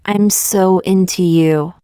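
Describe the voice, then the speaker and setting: A woman reading short example sentences one by one for English learners, in a slow, deliberate, evenly paced way. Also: fairly low pitch, fairly even intonation, mellow, clear, resonant tone, dry recording, studio quality. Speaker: English teacher.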